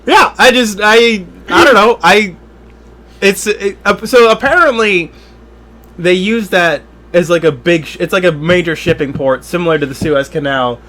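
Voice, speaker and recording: A man's voice: high voice, normal speed, bright, forceful tone. A man co-hosting a comedy podcast, rambling and restarting in casual chat. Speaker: podcast co-host.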